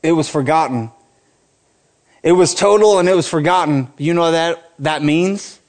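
A man's voice: on the high side, moderate pace, darkish tone. A man in his forties, a pastor preaching a sermon with passion, building to emphatic peaks and breaking off into playful asides.

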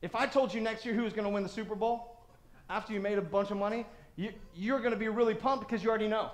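Man, very high voice, animated sermon delivery, echoey hall. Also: fast talker. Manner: animated, acts out voices of crowds and God. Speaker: pastor.

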